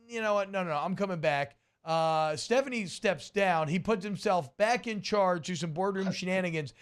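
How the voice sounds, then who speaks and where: A man hosting a casual sports radio show, telling stories in an animated way and laughing often. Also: sits high, clean tone.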